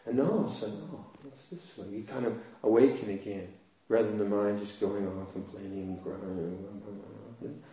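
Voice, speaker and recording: Brief: low-voiced male monk, wry self-deprecating storyteller, mic heard from across a roomy hall. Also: fairly even intonation, moderate pace, warm tone. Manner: humorous, self-deprecating storytelling with frequent laughs. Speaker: Buddhist monk teaching. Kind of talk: dharma talk with personal anecdote. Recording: echoey hall, voice from far off.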